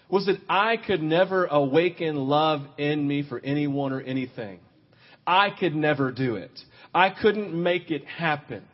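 A man preaching a sermon in an animated, confessional way, swinging between loud outbursts and quiet, intimate stretches. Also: a little high, dull audio.

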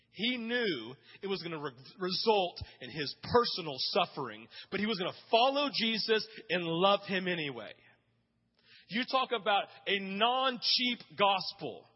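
A man's voice: high voice, big pitch swings, moderate pace, husky. A man preaching a sermon, telling stories with passion and hammering home points through repetition. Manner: passionate storytelling with emphatic repetition. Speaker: pastor. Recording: reverberant dull hall sound.

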